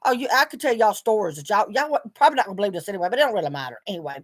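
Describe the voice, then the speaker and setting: A woman's voice: medium pitch, lively intonation, racing. A middle-aged woman speaking bluntly in a video journal, swearing often as she vents her frustration. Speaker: vlogger.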